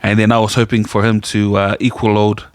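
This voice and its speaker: A man's voice: fairly low pitch, little pitch movement, a little fast, dry recording. A man, co-hosting a podcast and telling a long rambling story in casual chat. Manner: rambling anecdotal storyteller, quotes people in his own voice. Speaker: podcast co-host.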